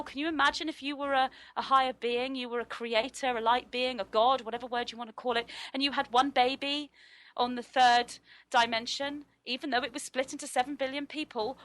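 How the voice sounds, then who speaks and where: A woman speaking as a spiritual interview guest, explaining in an earnest, flowing way with a deliberately trained, resonant voice. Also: high-pitched, fairly bright tone.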